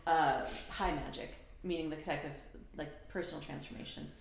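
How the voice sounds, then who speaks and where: Female host, deep and gravelly, relaxed and encouraging, echoey room. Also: moderate pace. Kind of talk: casual interview.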